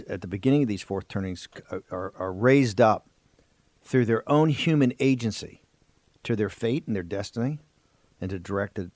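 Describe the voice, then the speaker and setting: A man's voice: fairly low pitch, darkish tone, dry recording. A man hosting a political talk radio show, speaking in sweeping, emphatic oratory from a studio. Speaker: host.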